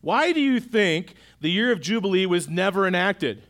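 A middle-aged man with a fairly high voice preaches to a church congregation. His delivery is conversational, and he keeps putting questions to the listeners. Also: big pitch swings, moderate pace, a bit bright. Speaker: pastor. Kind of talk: sermon. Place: church auditorium.

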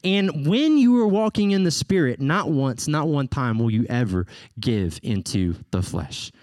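A male pastor preaching a sermon in an animated way, with playful slang asides and emphatic peaks. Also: mid-range voice, measured pace, no room sound.

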